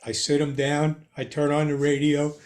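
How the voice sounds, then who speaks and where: An older man, a guest on a hobby podcast, tells casual anecdotes with an animated, chuckling delivery. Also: on the high side, normal speed. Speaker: guest ham radio expert. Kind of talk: casual storytelling in a podcast chat.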